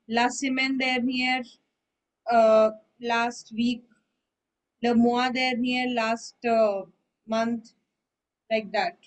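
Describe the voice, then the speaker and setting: A woman's voice: fairly high pitch, poor audio. A woman teaching French in an online lesson, explaining patiently and often checking that her student understands. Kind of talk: online one-on-one language lesson.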